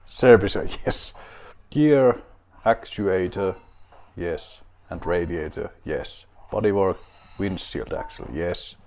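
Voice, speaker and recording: A man's voice: sits low, slow pace, a little mellow, a little hiss or hum. A man with a Finnish accent playing a rally game and talking to himself, wry and mock-grand, with a beer at hand. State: drinking beer while playing. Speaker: gaming video host.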